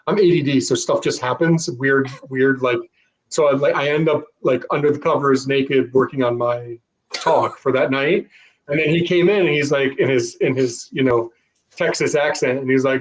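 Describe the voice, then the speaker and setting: A man's voice: mid-range voice, moderate pace, low-quality recording. A man co-hosting a casual podcast, telling rambling self-deprecating stories. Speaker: co-host.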